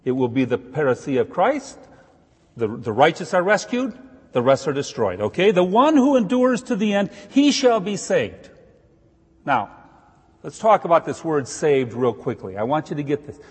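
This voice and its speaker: Man, Bible teacher, lively swooping pitch, a bit husky, long hall reverb. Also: normal speed. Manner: conversational, jokey asides, rising emphatic stresses.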